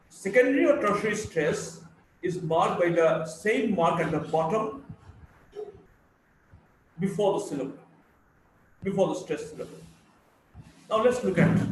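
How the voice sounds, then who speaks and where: A man from India with a Bengali English accent, giving a slow phonetics lecture and reading word lists aloud, repeating words for drill. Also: high-pitched, recorded from a distance. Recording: very echoey room, faint background hum.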